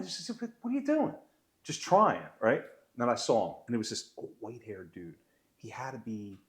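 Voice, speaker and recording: Guy, podcast co-host, voice jumps all over when he gets fired up telling a ref story. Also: lowish voice. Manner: animated, gets loud and excited telling stories. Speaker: podcast co-host, sports referee. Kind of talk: casual storytelling chat.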